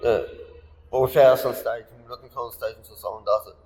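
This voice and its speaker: A man's voice: mid-range voice, steady tone, fast talker, a crowd in the background. A man, rambling through crude stories as a podcast co-host and laughing often. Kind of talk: crude casual chat. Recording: echoey room with long reverb, faint ambience.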